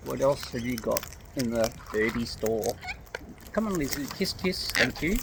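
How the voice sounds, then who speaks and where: Low-voiced woman coaxing parrots playfully. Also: lively intonation, a little slow, vocal fry, background noise. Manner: playful, coaxing, sing-song baby talk to birds. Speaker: wildlife vlogger feeding wild birds. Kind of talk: casual talk to birds. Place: outdoors among feeding parrots.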